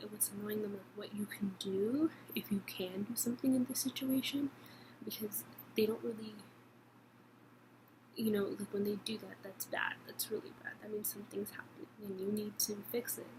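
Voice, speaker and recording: A woman's voice: mid-range voice, background noise. A young woman vlogging in a chatty, rambling way, with many fillers and repeated phrases. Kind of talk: casual chat to camera.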